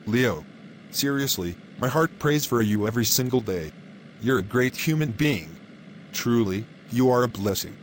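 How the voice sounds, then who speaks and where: A man voicing a sly male tenant who flatters his landlord to his face and gloats about fooling him in private. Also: medium pitch, moderate pace, slight background noise, close to an everyday voice. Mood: pleading. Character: scheming male tenant faking poverty, sly.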